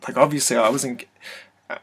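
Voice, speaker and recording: A man telling a personal story to his webcam in an office, hesitant and soft-spoken, full of fillers and restarts. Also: medium pitch, fairly even intonation, moderate pace, breathy edge. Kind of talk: casual first-person testimony. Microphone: computer webcam mic.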